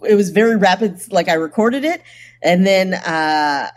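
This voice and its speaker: Low-voiced young woman, wry storyteller. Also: normal speed. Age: young adult. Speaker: comedian guest. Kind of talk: casual podcast chat.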